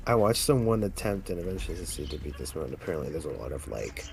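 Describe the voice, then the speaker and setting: A hoarse man co-hosting a game stream, talking low and quiet so he does not cough. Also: sing-song, fast talker, few pauses, noisy background. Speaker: co-host watching the stream. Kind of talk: casual live-stream chat.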